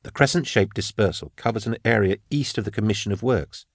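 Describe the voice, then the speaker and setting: A man's voice: fairly low pitch, no room sound, studio quality. Man reading as a wry male forensic scholar. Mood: insistent. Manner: measured, explanatory. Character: wry male forensic scholar, sharp-minded, dry wit. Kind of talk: audiobook character reading.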